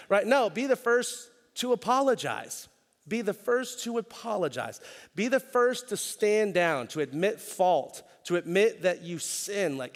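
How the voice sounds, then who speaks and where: A man's voice: high-pitched, sing-song, normal speed. A man preaching a sermon as pastor, talking in a conversational way with self-deprecating humor and repeating key lines for emphasis. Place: church auditorium. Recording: long reverb of a church hall.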